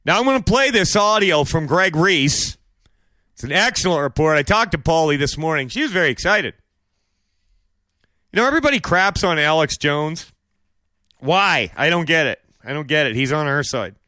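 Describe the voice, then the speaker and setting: A man with a high, tense, bright voice delivers an opinionated solo commentary. He needles his audience with sarcastic rhetorical questions and mocking asides. The sound is close and dry, with no room around it. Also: lively intonation, moderate pace, no echo. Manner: bursts into exaggerated shouted impressions. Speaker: podcast host.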